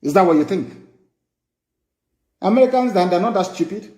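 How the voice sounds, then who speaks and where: A man's voice: high-pitched, expressive, normal speed, mellow. Impassioned Nigerian man, echoey room. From southeastern Nigeria. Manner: impassioned, scornful, repeats phrases for emphasis. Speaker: broadcaster addressing followers. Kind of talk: live political broadcast.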